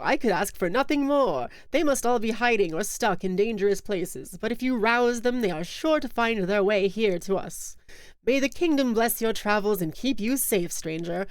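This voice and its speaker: A woman voicing a gentle old female flea who leads a travelling caravan, speaking in an earnest, pleading way. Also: mid-range voice, no echo, lightly acted. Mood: warm.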